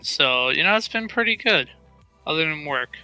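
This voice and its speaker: Sharp, bright-voiced male gamer. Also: on the high side, no room sound, soft background music, poor audio. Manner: animated, halting with many fillers. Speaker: podcast co-host. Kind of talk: casual chat.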